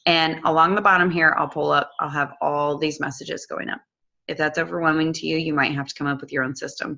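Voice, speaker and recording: A woman's voice: deep voice, creaky, sharp tone, dull audio. A woman walking viewers through a casual screen-share tutorial, chatty and affectionate with loose fillers.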